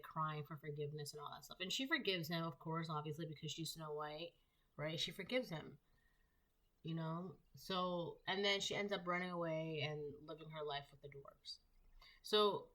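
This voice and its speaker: A woman with a low voice gives a casual tarot reading. She rambles, full of fillers and restarts. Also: a bit bright. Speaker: tarot reader.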